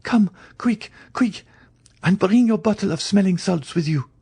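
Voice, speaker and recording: A man voicing an anxious, gentle young woman who speaks urgently and pleadingly, read in an audiobook. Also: medium pitch, expressive, moderate pace, slightly rough, pitched above the performer's own voice. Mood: frantic. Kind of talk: audiobook character reading.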